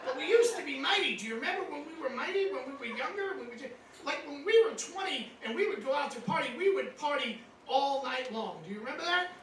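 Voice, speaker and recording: Male comic in his fifties, high voice, teasing conversational delivery, echoey distant room sound. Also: expressive, fast, a crowd in the background. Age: 50s. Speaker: stand-up comedian. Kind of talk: stand-up comedy set. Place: cruise ship show lounge. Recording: echoey room mic, caught from far off. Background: audience laughter.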